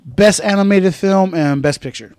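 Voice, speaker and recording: A man co-hosting a casual podcast chat, laid-back and full of "man" and "dude", who acts out other people's lines in loud, high voices. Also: moderate pace, clear, resonant tone, no room sound, studio quality. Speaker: podcast co-host.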